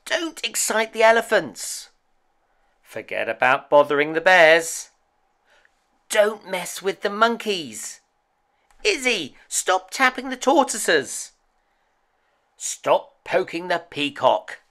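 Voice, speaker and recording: A man's voice: high-pitched, sing-song, slow, long pauses, fairly bright tone, full character voice. A man voicing a strict female schoolteacher who scolds a fidgety pupil in a read-aloud picture book. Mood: scolding. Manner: scolding, bossy.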